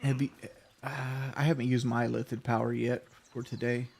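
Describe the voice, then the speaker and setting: Male streamer, mid-pitched, easygoing and chatty while playing a game with a friend. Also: gravelly, breathy edge. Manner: relaxed and chatty, with loose restarts and quick laughs. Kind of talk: casual gaming chat.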